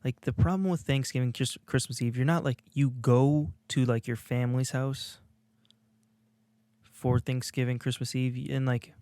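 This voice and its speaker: A man's voice: mid-range voice, fairly even intonation, normal speed, mellow, clear, resonant tone, no room sound. A man co-hosting a casual podcast, rambling through his thoughts with lots of fillers and restarts. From Illinois, USA. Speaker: podcast co-host. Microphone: video podcast studio mic.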